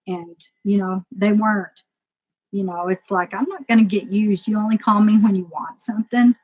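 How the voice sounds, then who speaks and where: The recording sounds dull and lo-fi as a woman at medium pitch shares a personal story with a live audience. Her telling is casual and emotional, full of laughter, with her volume rising and falling between loud and quiet.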